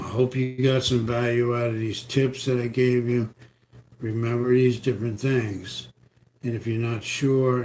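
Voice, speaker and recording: A man with a New York accent and a deep voice, giving rambling, repetitive computer security tips on a live stream. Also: a little hiss or hum. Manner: rambling, repetitive, folksy advice. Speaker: computer repair host. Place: home in Florida.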